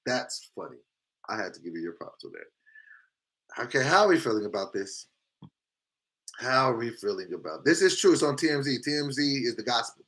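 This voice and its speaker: A man hosting a casual live stream, reading viewer comments aloud with big reactions, swinging between loud exclamations and quiet asides. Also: medium pitch, very animated, moderate pace, pauses often. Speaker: livestream host reading chat comments.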